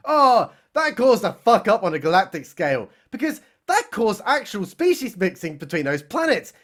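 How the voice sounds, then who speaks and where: A man with a high-pitched voice narrates a comedy recap, sneering and sarcastic throughout. His pitch swings widely from line to line. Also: a bit bright. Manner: sarcastic, mocking. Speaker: comedy reviewer.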